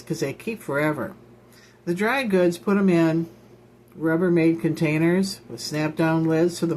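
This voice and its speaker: A woman's voice: fairly low pitch, a little mellow, slight background noise. A woman minister from Illinois, giving an informal, rambling ministry talk with folksy asides and repeated phrases. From Illinois, United States.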